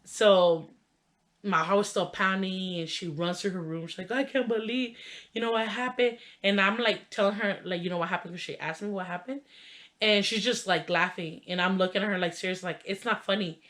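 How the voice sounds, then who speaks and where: A woman's voice: fairly low pitch, fairly even intonation, brisk, a bit bright. Chatty young woman telling a story. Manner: chatty, heavy use of "like" and "you know" fillers; laughs while telling the story. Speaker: vlogger. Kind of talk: casual storytelling.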